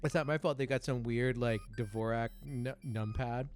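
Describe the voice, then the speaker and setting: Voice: mid-range voice, fairly even intonation, normal speed, a little mellow. A let's play host giving casual gameplay commentary in a rambling, hesitant way, swearing now and then.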